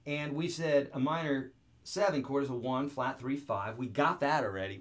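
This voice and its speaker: A man's voice: medium pitch, moderate pace. Upbeat joking male guitar teacher. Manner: upbeat, joking, talks straight to the viewer. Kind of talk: online video lesson.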